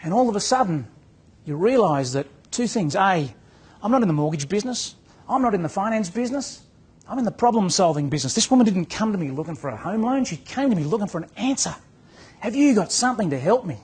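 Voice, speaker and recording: A man's voice: high-pitched, big pitch swings, fast, a little mellow, husky. A man giving a motivational talk to real estate agents as a business coach, telling a story and acting out its dialogue. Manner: storytelling, acts out dialogue, repeats words.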